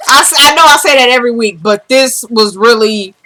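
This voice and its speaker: A woman's voice: fairly high pitch, fairly quick, pushed and bright, slight background noise. A woman casually recapping a TV episode, acting out the characters' lines as she retells each scene. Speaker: TV show recap vlogger.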